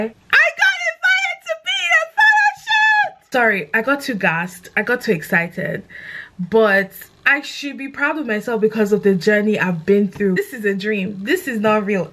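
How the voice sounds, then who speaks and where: A young woman with a London accent, chatting excitedly to camera in a casual vlog, gushing and animated. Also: medium pitch. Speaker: content creator.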